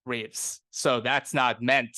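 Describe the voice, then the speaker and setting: A man's voice: medium pitch, fairly even intonation, takes it slowly, pushed and bright, dry recording. A man voicing a cocky young noble monster hunter who talks in a breezy, boastful way.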